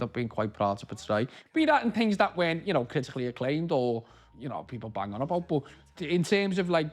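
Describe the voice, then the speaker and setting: A man in his thirties from Liverpool with a Liverpool accent, telling stories from his acting career in a relaxed interview, rambling and restarting often. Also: on the high side. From Liverpool, England. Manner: rambling, many restarts and "you know", local slang. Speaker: actor, interview guest.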